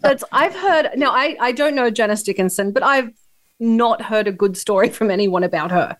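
A woman's voice: on the high side, moderate pace, a bit bright. Frank, chatty woman host. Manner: frank, chatty, swears casually. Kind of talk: casual chat.

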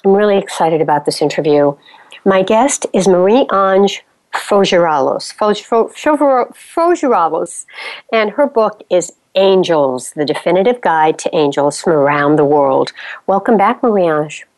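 A woman's voice: lowish voice, measured pace, darkish tone, dry recording. A woman hosting a radio talk show who interviews a guest in an enthusiastic, chatty way. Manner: enthusiastic, chatty, lists things.

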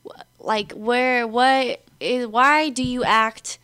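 Young woman, podcast co-host, casual chat, giggly, higher voice, dry sound. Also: steady tone, pushed and bright, smooth, dry recording. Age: young adult. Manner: giggly, quick to laugh.

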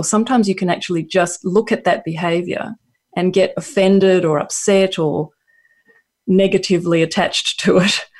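Reflective Australian guest author. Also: mid-range voice. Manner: reflective, many fillers and restarts. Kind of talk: radio interview answer.

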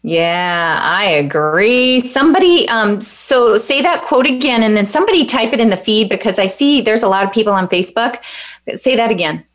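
A woman's voice: fairly high pitch, animated, moderate pace. A woman hosting a faith-based coaching show, affirming and encouraging as she interviews her guest in casual chat. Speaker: host, spiritual life coach.

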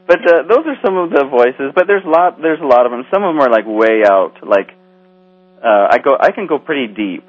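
Male author guest, playful and giggly, animated delivery, dry close lo-fi radio sound. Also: medium pitch, brisk, no room sound. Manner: playful, laughs often, breaks into character voices. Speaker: author and audiobook narrator guest. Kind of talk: casual interview chat.

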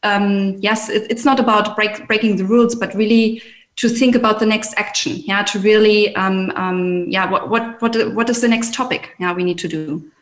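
A woman speaking as a panel guest, halting, often adding "yeah" while she searches for words. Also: mid-range voice, steady tone, reverberant. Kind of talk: conversational panel talk.

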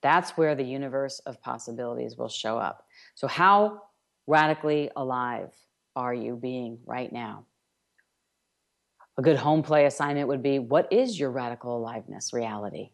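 Emphatic low-voiced woman radio host. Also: normal speed, creaky. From New York. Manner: emphatic, incantatory repetitions. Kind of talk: self-help radio monologue.

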